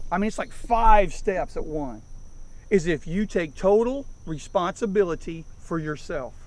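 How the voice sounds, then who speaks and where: A man in his fifties coaching a team outdoors, hammering his points with emphatic, repeated lines. His voice sits high for a man. Faint noise and crickets hang in the air behind him. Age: 50s. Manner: emphatic, preaching with repeated punchlines. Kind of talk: motivational talk to a team. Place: outdoors in a rural field.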